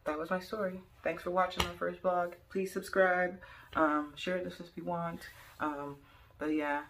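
A woman's voice: fairly low pitch, flat delivery, measured pace, fairly bright tone. A young woman telling a rambling, jokey story in a casual vlog, full of "like" and "um". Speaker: vlogger.

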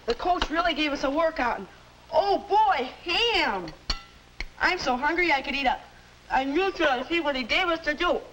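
A man's voice: very high-pitched, quick pace, sharp tone, a little hiss or hum, poor audio. An actor playing a hungry, sulky teenage boy with careless table manners in a 1950s educational film. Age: teens. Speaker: student.

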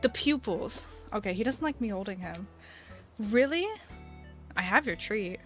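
A woman's voice: medium pitch, lively intonation, unhurried, soft background music. A woman streamer chatting casually on a live stream, giggling often and talking to her pets. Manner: bubbly, giggly, baby-talks to her pets.

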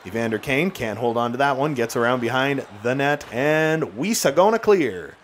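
A man with an average-pitched voice gives running play-by-play of his own hockey video game. He jokes, teases his players, and breaks into excited shouts at big moments. Faint background noise sits under the recording. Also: normal speed. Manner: excitable, jokey, bursts into shouts and laughs. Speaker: gaming YouTuber.

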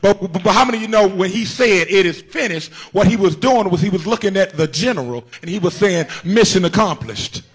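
A man preaching with a high-pitched, fervent voice. He repeats his phrases, calls out to the congregation, and sometimes lifts into a shout as he drives his sermon home. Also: expressive, fairly quick, few pauses, husky. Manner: rises to shouts at times. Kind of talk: Good Friday sermon.

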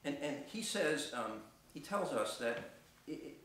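A middle-aged man telling a personal story on stage, halting, with many restarts and fillers. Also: a little high, sing-song, a bit bright, slight background noise. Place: theater stage. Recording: echoey theater from far off.

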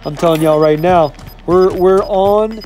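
A man's voice: high voice, measured pace, a little mellow. A man in his twenties, a gaming YouTuber, talking through his gameplay in a casual, upbeat way and often saying "you know what I'm saying".

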